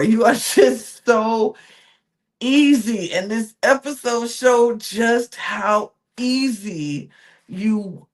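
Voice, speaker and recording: A woman co-hosts a podcast with a mid-range voice, neither high nor low. She recaps reality TV in a sassy, animated, casual way. She laughs often as she talks. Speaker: podcast co-host.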